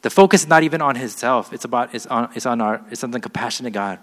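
A man preaches fast in a medium-pitched, fairly bright voice, giving weight to scripture as he reads it and then unpacking it in simple, sincere terms. The recording carries a long hall reverb.

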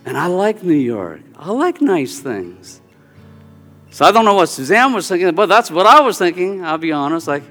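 A man preaching a sermon, telling a personal story with swings of pitch and volume. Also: sing-song, normal speed. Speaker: pastor. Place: church sanctuary. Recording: hall reverb with soft guitar music.

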